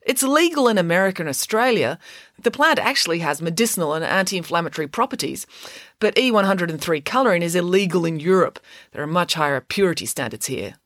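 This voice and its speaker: A woman doing a brisk, clever teenage girl. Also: lowish voice, animated, a bit bright, dry recording, clean studio sound. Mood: matter-of-fact. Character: clever, self-assured teenage girl detective.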